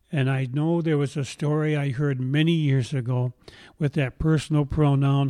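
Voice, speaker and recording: Male pastor, sermon delivery, mellow tone, fairly high pitch, deliberate emphasis. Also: no echo, studio quality. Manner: slow deliberate emphasis on scripture, gentle storytelling.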